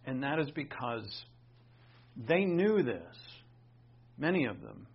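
A man preaching a sermon, animated, swinging between emphatic bursts and quiet asides. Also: medium pitch, slow, gravelly, pauses often, slightly rough. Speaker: pastor. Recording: dull lo-fi sound.

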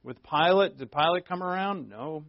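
A man preaching a conversational sermon, earnest, asking rhetorical questions and shifting from emphatic to hushed. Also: a little high, animated, moderate pace, no room sound, muffled recording. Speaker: pastor.

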